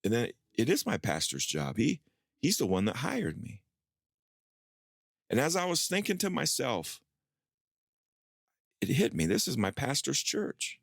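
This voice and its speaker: A pastor telling a personal story in a sermon, acting out his own past dialogue with lively rises in pitch. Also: a little slow, creaky, long pauses, dry recording, clean studio sound.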